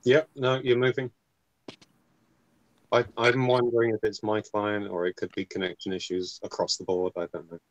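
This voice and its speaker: Host, male, lowish voice, dry close sound, laid-back and wry. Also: flat delivery, moderate pace, no room sound, dull audio. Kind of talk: casual chat.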